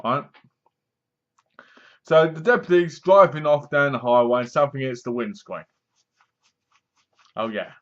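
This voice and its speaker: A man's voice: medium pitch, measured pace, long pauses, a bit bright. Chatty man, dull lo-fi sound. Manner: chatty, sarcastic, acts out lines in funny voices. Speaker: film reviewer. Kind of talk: casual spoken review.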